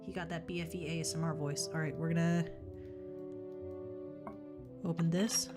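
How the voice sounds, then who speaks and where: A woman gives casual let's-play commentary on a puzzle game in a low, flat voice at a moderate pace. She chats and reasons aloud while playing, occasionally swearing offhandedly, with faint game music behind her.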